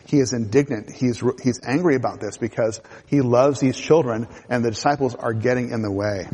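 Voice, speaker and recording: A man's voice: medium pitch, moderate pace, a little mellow, slightly rough. A man preaching a sermon in a conversational way, with asides and restarts. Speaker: pastor. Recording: hall reverb.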